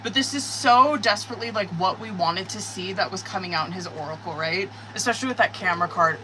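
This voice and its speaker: Bright-voiced, excitable woman tarot reader. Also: mid-range voice, quick pace, a little hiss or hum, poor audio. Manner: excitable, cursing, talks to viewers. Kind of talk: live-stream tarot reading.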